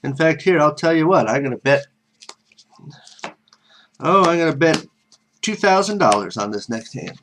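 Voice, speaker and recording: A man's voice: fairly high pitch, lively intonation, moderate pace, pauses often, a bit bright, slight background noise. A man voicing a cocky, unlucky male gambler in a spoken story, with brash, boastful talk.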